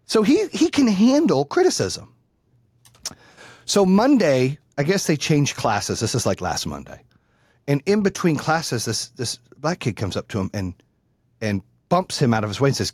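A man's voice: mid-range voice, normal speed, breathy edge, dry recording, studio quality. Middle-aged man telling a profane story. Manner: profane, animated, acts out the people in his story. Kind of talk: casual storytelling.

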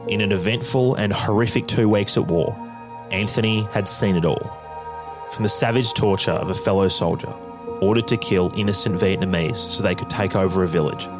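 Male documentary narrator, very low and measured, music bed underneath. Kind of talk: scripted narration.

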